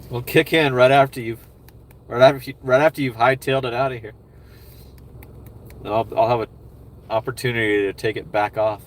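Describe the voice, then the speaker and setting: A man's voice: medium pitch, fairly even intonation, a little fast, pauses often. Rambling middle-aged man streaming from his car. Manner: rambling, profane, upbeat. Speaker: livestreamer doing delivery gigs. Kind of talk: casual livestream chat while driving. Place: in a car on the road.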